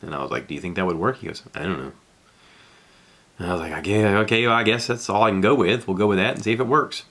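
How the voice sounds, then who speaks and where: A man's voice: lowish voice, racing, few pauses, a bit bright. A middle-aged man hosting a podcast, telling a casual, rambling and self-deprecating story from his back porch, acting out what people said. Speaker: podcast host.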